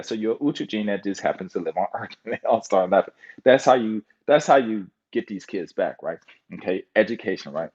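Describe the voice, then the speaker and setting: A man's voice: low-pitched, a little mellow. A man from the United States talking in a meandering monologue, full of fillers and loose trains of thought. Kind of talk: rambling monologue. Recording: dull lo-fi recording.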